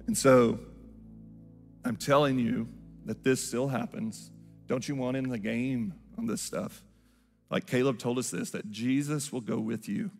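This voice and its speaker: Male pastor, gravelly mid voice, storytelling sermon in a reverberant hall with music. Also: medium pitch. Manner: storytelling, acts out quoted voices. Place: large church hall.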